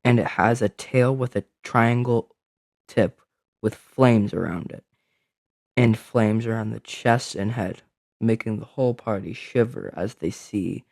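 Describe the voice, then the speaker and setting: A man's voice: fairly low pitch, measured pace, creaky, darkish tone, dry recording, clean studio sound. A man narrating a fantasy adventure story, describing scenes with small slips.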